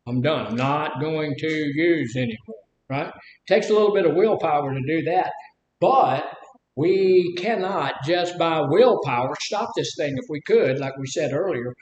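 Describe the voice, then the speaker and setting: A man's voice: on the high side, expressive, a little slow, a little mellow, reverberant, lo-fi sound. A man from Mississippi with a Southern accent, giving a folksy, conversational recovery talk full of rhetorical questions. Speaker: addiction recovery speaker.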